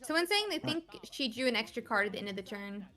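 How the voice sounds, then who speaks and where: A woman's voice: on the high side, animated, fast, pushed and bright. A woman commentating live on a card game tournament in a chatty, musing, upbeat way.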